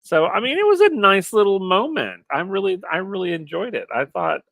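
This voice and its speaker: Sentimental man with a lively voice. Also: high-pitched, a little fast, creaky, no room sound. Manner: sentimental, openly emotional storyteller. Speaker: wrestling podcast co-host. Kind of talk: casual recap chat.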